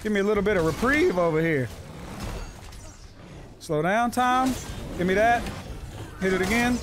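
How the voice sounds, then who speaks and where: Excitable high-pitched man streaming a game. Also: normal speed, background noise. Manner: excitable, swearing, yells in frustration. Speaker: gaming streamer. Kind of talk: live gameplay commentary. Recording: game music behind the voice.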